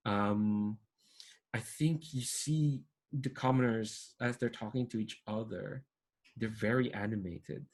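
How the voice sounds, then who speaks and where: A man's voice: lowish voice, slow, a little mellow. A man narrating as game master of a tabletop role-play game in a casual, rambling way with many restarts. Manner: rambling, full of fillers and restarts.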